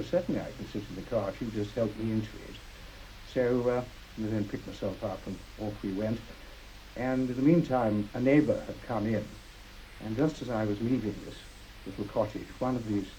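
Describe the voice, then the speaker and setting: An older man recounting a personal memory in an understated, halting way, with frequent pauses and fillers. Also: medium pitch, warm tone, slight background noise, low-quality recording. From Britain. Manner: understated, halting, with many uhs. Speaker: interviewee, war veteran. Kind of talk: personal recollection.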